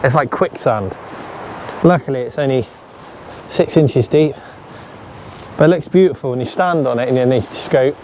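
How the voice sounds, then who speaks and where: A man casually chatting to his viewers while fishing on a sandy shore, talking straight to the camera and getting excited when a fish bites. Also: medium pitch, normal speed, pauses often. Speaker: fishing vlogger. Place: outdoors on a sandy shore at low tide. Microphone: camera set up on the beach. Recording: outdoor recording with loud surf noise. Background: waves and surf.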